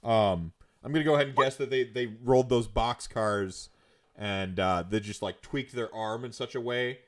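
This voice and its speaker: Man, Midwestern American accent, mid-pitched voice, rambling, lots of fillers, casual chat. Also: normal speed. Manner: rambling, many fillers and restarts, swears.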